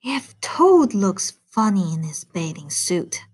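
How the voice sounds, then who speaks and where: A woman voicing a sly, curious snake in a read-aloud storybook, drawing out her words slowly. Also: mid-range voice, very animated, breathy edge, exaggerated voice.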